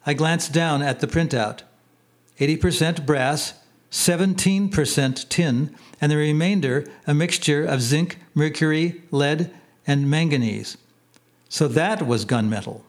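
Guy reading his memoir, slightly high voice, easygoing pace. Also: unhurried. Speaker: narrator. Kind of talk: memoir audiobook narration.

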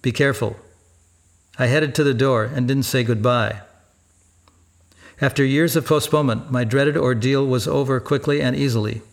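Guy reading his memoir out, steady and even, middle pitch. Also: moderate pace, creaky. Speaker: narrator. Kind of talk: scripted memoir narration.

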